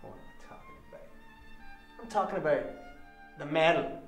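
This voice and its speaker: A man's voice: a little high, wildly swooping pitch, normal speed, soft background music. An actor playing a troubled adult son who confronts his father in a raw, profane dramatic monologue. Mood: bitter, accusing. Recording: roomy echo.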